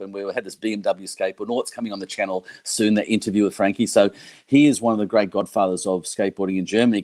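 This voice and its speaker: A man's voice: fairly low pitch, a little mellow, no echo. A man, chatting casually on a livestream, rambling with many fillers and restarts. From Australia. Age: 60s. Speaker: YouTube creator and electric skateboard rider.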